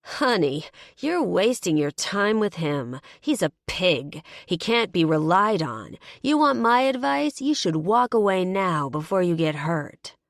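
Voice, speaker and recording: A woman's voice: fairly low pitch, big pitch swings, measured pace, hardly any pauses, no echo, studio quality. A woman voicing a scornful, snide mother in an audiobook, with a sneering edge. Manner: mocking, snide. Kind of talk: audiobook character voice.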